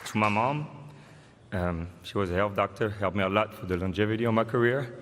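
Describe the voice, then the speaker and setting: A man in his forties with a French accent, giving an acceptance speech in a casual, halting way with fillers. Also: fairly low pitch, a crowd in the background. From France. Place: large arena stage. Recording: long hall reverb, faint noise.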